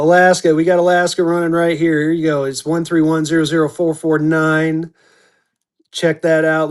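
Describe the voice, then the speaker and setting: A man running a live-stream auction, chatty and upbeat, slipping into a quick auctioneer chant, his voice going hoarse. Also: fairly high pitch. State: losing his voice.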